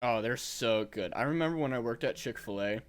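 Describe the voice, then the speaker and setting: A man's voice: mid-range voice, a little fast. A young man hosting a podcast, telling rambling stories in casual chat and laughing often. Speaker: podcast host.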